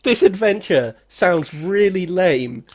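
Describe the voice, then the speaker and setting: A man's voice: high-pitched, lively intonation, takes it slowly, a little mellow. A man co-hosting a podcast, reacting to a story with incredulous exclamations. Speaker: podcast co-host. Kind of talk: casual chat.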